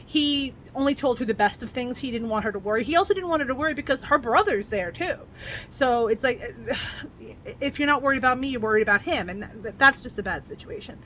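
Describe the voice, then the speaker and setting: A woman's voice: a little high, expressive, fairly quick, bright, forceful tone, a little hiss or hum. A woman talking through a novel's plot in a casual book review vlog, earnest and emotional as she retells it.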